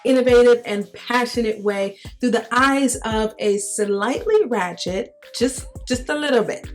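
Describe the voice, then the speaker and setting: A young woman hosts a casual retelling of Bible stories, lively, slangy and conversational. Her voice sits fairly high. Faint music plays behind her. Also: a little slow. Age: young adult. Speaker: host.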